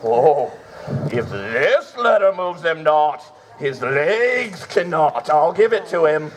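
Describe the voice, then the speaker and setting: A man's voice: fairly high pitch, sing-song, slow. A man playing a boisterous, scheming old knight with declamatory stage delivery, outdoors. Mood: plotting. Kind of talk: outdoor Shakespeare stage acting.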